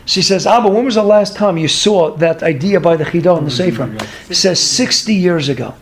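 Guy with a high voice giving a torah class, rambles into stories, laughs a bit, keeps asking the room questions. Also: a little fast, crowd noise. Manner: digressive storytelling with chuckles; asks the audience rhetorical questions. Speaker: Torah teacher.

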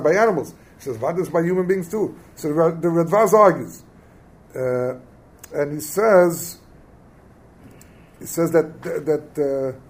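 A man's voice: on the high side, a little mellow. A man giving a Talmud class lecture as a Torah teacher, explaining texts in English mixed with Hebrew terms and quizzing his students.

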